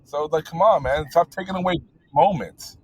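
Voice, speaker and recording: A man's voice: a little high, brisk, slight background noise, poor audio. A man in casual chat about wrestling, rambling with many fillers and blunt, profane talk. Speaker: podcast co-host.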